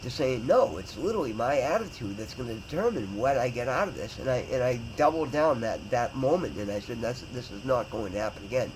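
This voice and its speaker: A man's voice: mid-range voice, expressive, a little fast, hardly any pauses, slight background noise. A man telling a personal story in a rambling, earnest way, full of fillers and restarts. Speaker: vlogger in recovery.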